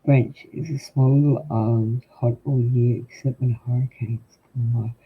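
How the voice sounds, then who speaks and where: Speaking at a measured pace in a medium-pitched voice with fairly even intonation, an older man with an Australian accent chats with livestream viewers as a tarot reader. He rambles, ums often and addresses the chat directly, all over tinny, husky, phone-like audio.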